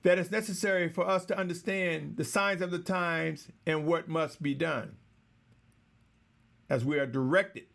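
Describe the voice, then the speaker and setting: A man delivering a slow, measured, exhorting sermon, repeatedly addressing his listeners as brothers and sisters. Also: fairly high pitch, fairly even intonation, creaky, fairly bright tone. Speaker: preacher.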